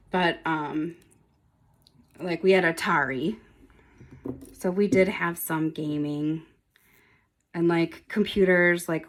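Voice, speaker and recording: A woman's voice: sits low, gravelly. A woman in her forties, a nail polish vlogger, rambling casually to camera with lots of ums and frequent laughs. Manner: rambling, chatty, laughs often, many ums.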